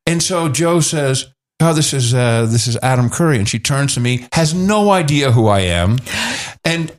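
A man's voice: mid-range voice, moderate pace. A middle-aged man hosting a casual chat, telling anecdotes with lots of acted-out quotes. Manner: animated anecdotes, acts out quoted voices. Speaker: podcast host.

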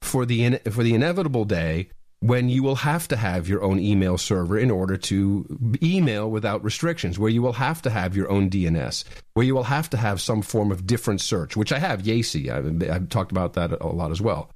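A man co-hosting a talk podcast in casual chat, emphatic and animated, often repeating words as he gets going. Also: on the low side, fairly quick, dry recording, clean studio sound. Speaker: podcast co-host.

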